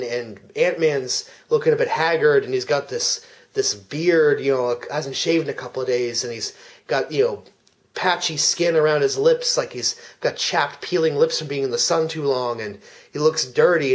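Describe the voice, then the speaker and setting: Earnest deadpan man in fake commentary. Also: on the high side. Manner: earnest storytelling with frequent restarts. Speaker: comedic fake commentary speaker. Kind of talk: deadpan parody commentary track.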